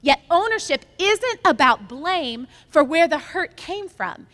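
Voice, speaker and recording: A woman pastor with a high voice preaches a sermon, moving from storytelling into emphatic, repeated lines. Her voice rings out with the long reverb of a large hall. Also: sing-song, a little slow, fairly bright tone.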